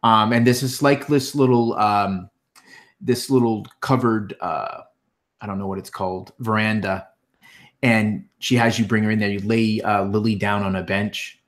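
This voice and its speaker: A man narrates a tabletop fantasy game as game master. His voice is on the low side, and he pauses often with ums and uhs. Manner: halting, many fillers.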